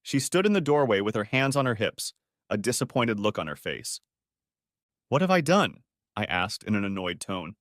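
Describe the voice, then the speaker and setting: A man narrating a first-person drama audiobook in a dramatic, expressive way. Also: lowish voice, fairly quick, no room sound, clean studio sound.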